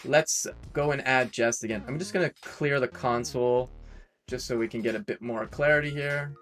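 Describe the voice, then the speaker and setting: A man's voice: mid-range voice, moderate pace, a bit bright, faint music behind. A Canadian man streaming a live coding session, thinking aloud and correcting himself as he types commands. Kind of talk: casual live-coding narration.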